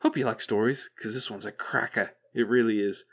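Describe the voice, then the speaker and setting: A man's voice: fairly quick, husky. A man doing Wheatley, manic rambling robot. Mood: mock storytelling. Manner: rambling, flippant, lurching up high in excitement. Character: manic chattering male robot, bumbling and bitter. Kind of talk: audiobook character voice.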